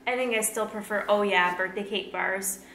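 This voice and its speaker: Chatty fitness vlogger lady, bright voice, kinda echoey room. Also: medium pitch, steady tone, normal speed. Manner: chatty, laughs often, lots of "like" and "um". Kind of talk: casual taste-test vlog. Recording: echoey room, faint background hum.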